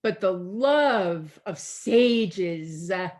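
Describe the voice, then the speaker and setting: A woman pastor preaching a sermon over a video call, deliberate and repetitive, drawing out her key phrases for emphasis. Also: medium pitch, lively intonation, darkish tone.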